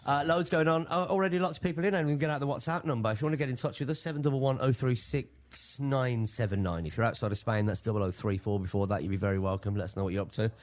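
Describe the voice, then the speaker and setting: A man's voice: medium pitch, fast talker, few pauses. A man hosting a radio show, teasing his co-host and laughing readily in casual banter.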